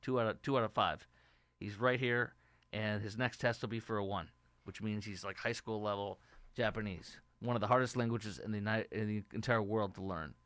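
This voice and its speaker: Man, middle-aged, political talk host, opinionated and rambling, smooth voice, dry close sound. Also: on the low side, fairly even intonation, fairly quick, a bit bright, no room sound. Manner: opinionated, rambling, reads viewer comments aloud. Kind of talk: casual political commentary.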